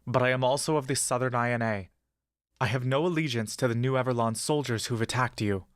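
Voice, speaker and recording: A man voices a young bird-person cleric who speaks earnestly but haltingly. The voice stays close to the narrator's own. The recording is dry. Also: mid-range voice, clean tone, no room sound, lightly acted. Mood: nervous.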